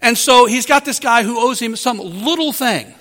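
A man preaching with a very high, bright voice that carries through a long, echoing hall. He delivers his sermon earnestly and emphatically, leaning on dramatic pauses. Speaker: pastor. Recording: reverberant hall.

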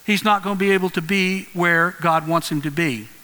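A male pastor preaching a sermon in an earnest, conversational way with lively storytelling. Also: high voice, normal speed. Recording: long hall reverb.

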